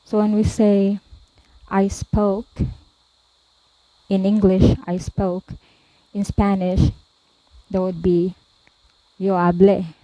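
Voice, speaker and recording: Woman teaching slow and steady, mellow voice, lots of little pauses and "okay"s. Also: medium pitch, no echo, poor audio. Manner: deliberate, repeats each form, frequent "um" and "okay". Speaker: language tutor. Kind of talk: slow explanatory lesson.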